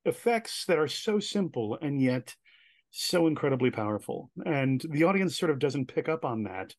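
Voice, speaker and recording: A man's voice: on the high side, very animated, moderate pace, dry recording. A man, a guest on an interview podcast, telling stories animatedly and acting out the quoted lines. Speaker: guest, director.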